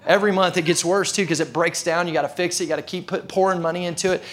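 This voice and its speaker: A man's voice: high voice, steady tone, racing, fairly bright tone. A male preacher telling a story in a casual, conversational sermon, with frequent filler words.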